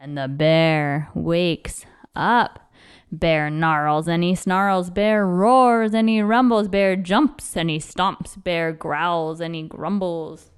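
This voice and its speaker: A woman reading a children's picture book aloud in a rhythmic, expressive way. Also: lowish voice, slow pace, clean tone. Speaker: storybook reader.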